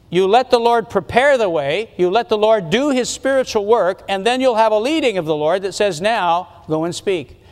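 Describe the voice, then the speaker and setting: This sermon comes from a pastor with a high male voice, preaching earnestly and conversationally and restarting himself at times. He's in a church sanctuary, and the sound has a church hall's extended reverb.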